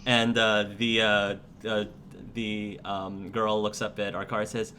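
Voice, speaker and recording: Bright-voiced male game master. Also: on the low side, little pitch movement, a little slow, slight background noise. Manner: hesitant, many fillers and restarts. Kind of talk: narrating a tabletop game.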